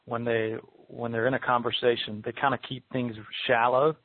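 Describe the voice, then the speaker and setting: A man's voice: medium pitch, little pitch movement, moderate pace, dry recording, narrow, tinny audio. A man hosting a podcast interview, thinking aloud hesitantly and repeating words. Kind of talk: interview conversation.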